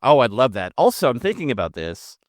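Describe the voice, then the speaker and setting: A man's voice: mid-range voice, sing-song, brisk, no echo, clean studio sound. A man co-hosting a podcast in casual, jokey chat, laughing often. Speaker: podcast co-host.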